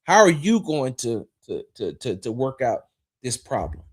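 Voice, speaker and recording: A man hosting a livestreamed football talk show. He rambles with animated energy, talks straight to chat viewers, and drops profane, confrontational asides. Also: mid-range voice, unhurried. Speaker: sports talk show host.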